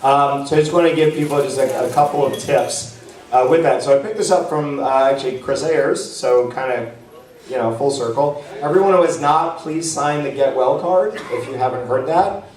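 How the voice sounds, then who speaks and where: A man's voice: medium pitch, moderate pace, darkish tone. A man giving a casual, rambling talk to a live audience at a convention panel, full of fillers and restarts. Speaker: panel presenter. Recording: echoey room, mic far off.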